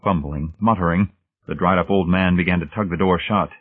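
Deep-voiced male audiobook narrator. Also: a little fast. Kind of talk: scripted narration. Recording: tinny phone-like band.

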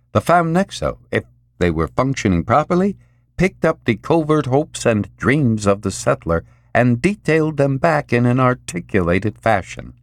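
A man narrating an audiobook in an expressive, dramatic storytelling manner. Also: mid-range voice, dry recording, studio quality. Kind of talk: scripted narration.

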